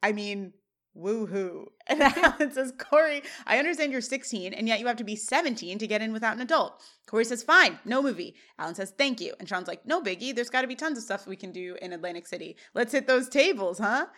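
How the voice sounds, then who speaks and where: A woman with a higher-pitched voice co-hosts a podcast, recapping a TV episode scene by scene at a quick pace. Her retelling is casual and animated, and she laughs often.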